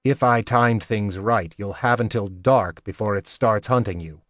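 A man voicing a wry older male assassin mentor who talks in a dry, measured, instructive way. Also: on the low side, a bit bright, no room sound. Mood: instructing.

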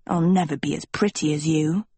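A woman voicing a gruff, sullen teenage girl who answers bluntly. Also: sits low, steady tone, normal speed, warm tone, no room sound, pitched below the performer's own voice, heavily acted. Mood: grumpy. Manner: blunt and grumpy.

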